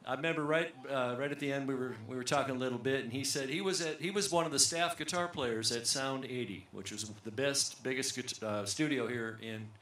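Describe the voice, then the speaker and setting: A man's voice: mid-range voice, a little fast, few pauses, a bit bright. A man leading a band on an outdoor amphitheater stage, chatting between songs in a joking, rambling, self-deprecating way into a stage mic. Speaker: bandleader and singer. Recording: roomy live concert sound with faint music.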